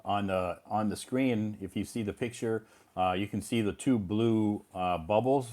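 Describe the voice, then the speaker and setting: Male English teacher, calm, patient, careful explainer in a casual lesson. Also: fairly low pitch, unhurried.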